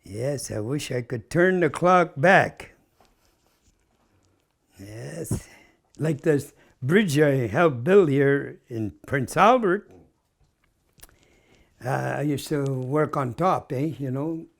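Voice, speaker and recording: This nonagenarian Canadian has a medium-pitched, creaky voice, speaking slowly but animatedly with long pauses. Interviewed, he tells old stories casually, chuckling frequently and adding "eh" to his sentences.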